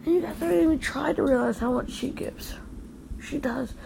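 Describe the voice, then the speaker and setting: Older woman, gravelly, mellow, angry scolding vlog rant. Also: high-pitched, moderate pace, a little hiss or hum. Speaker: grandmother vlogger. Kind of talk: angry direct-to-camera rant. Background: quiet house at night.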